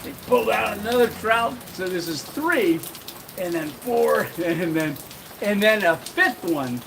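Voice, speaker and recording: Middle-aged male host, easygoing rambling storyteller, slightly high voice; outdoor camera audio with steady rain noise. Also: measured pace, gravelly. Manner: rambling, chuckling, many fillers. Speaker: channel host. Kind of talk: casual live-stream storytelling. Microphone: handheld camera.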